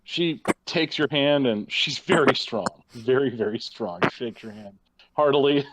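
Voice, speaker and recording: A man running an online tabletop game as game master, relaxed and full of fillers. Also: mid-range voice, measured pace, crowd noise.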